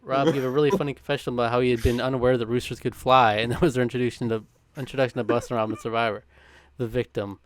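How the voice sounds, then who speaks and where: A man's voice: mid-range voice, steady tone, a little hiss or hum. A man co-hosting a podcast, reading a countdown script with a chuckle now and then, mixed with casual chat. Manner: brisk, chuckling between lines.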